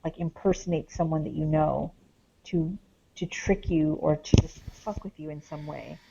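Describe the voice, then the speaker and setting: A woman with a low, mellow voice tells her experiences as a guest, rambling and filling her sentences with "like" and "um". The recording sounds dull and muffled, a little lo-fi. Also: fairly even intonation, moderate pace, vocal fry, slightly rough. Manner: rambling, heavy on "like" and "um". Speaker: guest, paranormal investigator. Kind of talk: casual podcast chat, storytelling.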